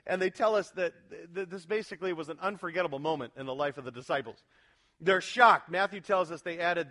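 A male pastor preaching an expository sermon in an animated, emphatic way, putting questions to his congregation. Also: high-pitched.

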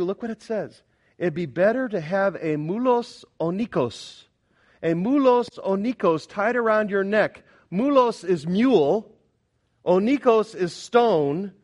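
With a high-pitched voice, a male pastor gives an emphatic Sunday sermon. He alternates between booming declarations and soft, prayerful moments, and regularly asks the congregation questions.

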